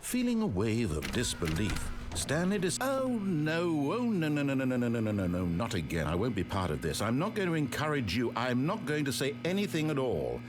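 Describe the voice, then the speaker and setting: An exasperated, wry game narrator. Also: male voice, mid-range voice, huge pitch swings, normal speed, hardly any pauses, music in the background. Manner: wry, fussy, theatrical storytelling.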